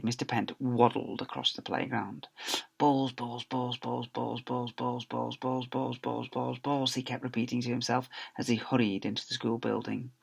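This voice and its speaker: A male teacher reading a children's story aloud in a lively, expressive way. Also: mid-range voice, gravelly, slightly rough.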